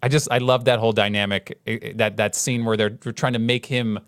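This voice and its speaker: A man in his thirties co-hosting a podcast, talking in a mid-pitched voice. He rambles, restarts his sentences and acts out scenes as he retells them. The mic is close and dry, with no room sound. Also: little pitch movement, brisk, a bit bright, smooth, no echo. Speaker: podcast co-host. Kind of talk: casual chat.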